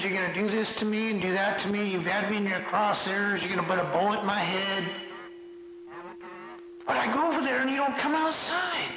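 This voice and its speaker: A man's voice: high voice, bright, forceful tone. A man on a CB radio channel, mocking another caller with profane, repeated jabs. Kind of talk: taunting CB radio banter. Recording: echoey noisy CB radio transmission.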